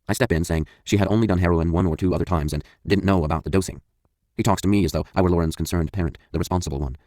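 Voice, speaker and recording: A man with a very deep voice narrates a first-person memoir audiobook at a rapid clip. His delivery is blunt and confessional, and he swears freely. The recording is dry and close, with no room sound. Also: a little mellow, no echo.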